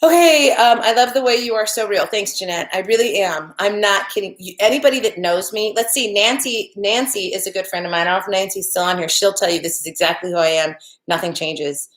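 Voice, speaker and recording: Older woman, chatty craft-channel host, medium pitch, echoey room sound. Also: fairly quick. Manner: chatty and rambling, with frequent restarts and fillers. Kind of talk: casual livestream chat reading viewer comments. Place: living room at home.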